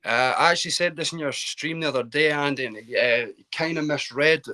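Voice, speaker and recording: Bright-voiced Scottish man calling in. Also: a little high, a little fast. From Scotland. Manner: chatty, self-deprecating, with many restarts. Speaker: caller. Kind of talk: casual football chat. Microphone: video call.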